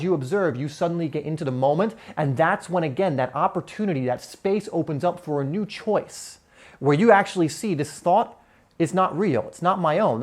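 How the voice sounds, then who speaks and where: A young man teaching at a whiteboard in an earnest, conversational way, with shifting emphasis. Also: fairly high pitch. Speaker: self-help coach.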